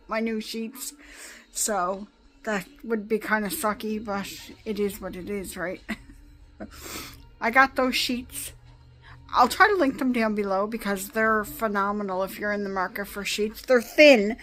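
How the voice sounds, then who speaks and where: A woman's voice: mid-range voice, a bit bright, rough recording. A middle-aged woman talking casually into her phone camera for her vlog, rambling and chatty with small laughs. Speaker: vlogger.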